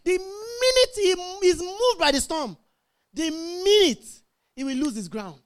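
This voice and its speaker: High-pitched woman preaching. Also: a bit bright. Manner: emphatic, call-and-response with congregation. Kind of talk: sermon.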